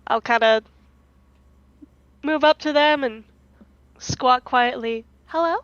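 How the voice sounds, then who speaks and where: A woman playing in a tabletop game, chatty, giggly and quick to swear. Her voice is fairly high with a bright edge. The mic sounds dull and dry. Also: clean tone, dry recording. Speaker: player.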